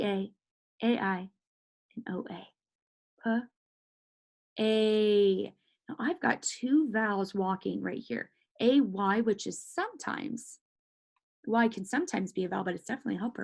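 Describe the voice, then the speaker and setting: A woman leads a children's phonics lesson in a slow, coaxing, sing-song way. Her voice is husky and breathy, with a gravelly edge. She sounds out letters and sometimes drops to a whisper to share a secret. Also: mid-range voice. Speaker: first grade teacher.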